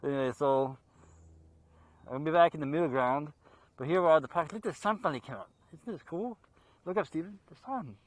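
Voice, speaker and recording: A man hosting a horror movie show outdoors in a park, talking casually and off the cuff, excitable and quick to laugh. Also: on the high side, no room sound. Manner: excitable, laughs a lot, jokey asides.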